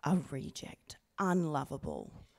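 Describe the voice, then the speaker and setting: A woman with a low, gravelly voice and wildly swooping pitch speaks slowly, earnestly, quietly and intimately as a baptism candidate. She reads her personal testimony to a congregation in a church sanctuary using a handheld microphone.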